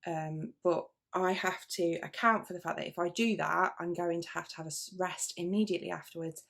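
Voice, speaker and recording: A British woman hosts a knitting video podcast, chatting casually to camera in a rambling way, full of asides, restarts, fillers and self-interruptions. Her voice is fairly low, creaky and a bit bright, with fairly even intonation and a fairly quick pace.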